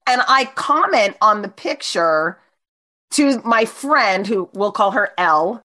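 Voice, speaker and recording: Animated woman telling a story. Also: takes it slowly. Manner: animated, acts out quoted voices with big pitch jumps. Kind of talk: casual storytelling chat.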